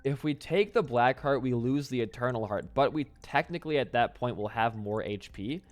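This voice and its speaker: A man's voice: medium pitch, expressive, normal speed. A young man giving casual gameplay commentary, rambling and self-deprecating, swearing often. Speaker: gaming YouTuber. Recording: faint background music.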